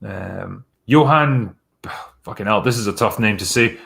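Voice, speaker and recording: A man's voice: lowish voice, unhurried, gravelly, fairly bright tone. A man hosting a live stream, chatting casually through viewer messages in a blunt, sarcastic way with plenty of swearing.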